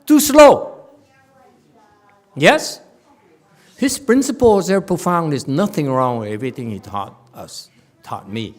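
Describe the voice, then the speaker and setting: A man giving a Chan Dharma talk as a Buddhist meditation teacher, animated and teasing, laughing often. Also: on the high side, takes it slowly, pauses often.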